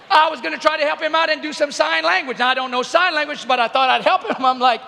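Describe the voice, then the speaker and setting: A middle-aged man tells funny stories to teenagers in a huge arena, and his voice sits very high with a gravelly edge. He gets animated and shouts often. A long arena echo trails every line. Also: normal speed, slight background noise. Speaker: youth speaker. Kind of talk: comedic motivational talk to teens. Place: large arena.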